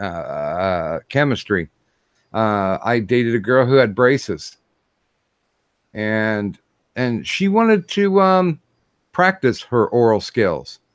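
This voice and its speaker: A man hosting a casual livestream chat, talking in a halting way with many fillers and restarts. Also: fairly low pitch, no room sound, clean studio sound. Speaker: stream host.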